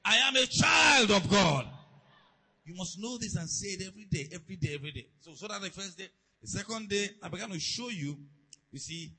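A man preaching a sermon to a church, calling out questions and leading the congregation in shouted declarations. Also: high voice, husky, rough recording. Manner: call-and-response, building to shouted declarations.

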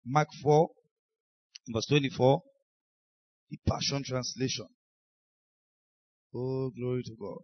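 A man's voice: mid-range voice, fairly even intonation, takes it slowly, long pauses, muffled recording. A man with a Nigerian accent preaching a sermon as pastor, emphatic and acting out the voices of people he quotes. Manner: emphatic, acts out quoted speakers.

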